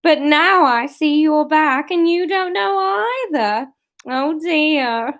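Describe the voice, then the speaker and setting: A woman voicing a browbeaten, petrified female assistant in a campy, drawn-out comic accent. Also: sits high, fairly bright tone, voice pushed up, full character voice. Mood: fretful. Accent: campy put-on English comic voice.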